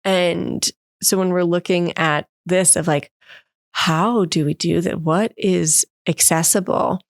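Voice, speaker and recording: A woman in her thirties, a guest expert, telling stories in an animated way in a podcast interview and acting out the voices she quotes. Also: fairly low pitch, slow, no room sound, clean studio sound. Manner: animated storyteller who acts out quoted voices. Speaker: guest expert on emotional development.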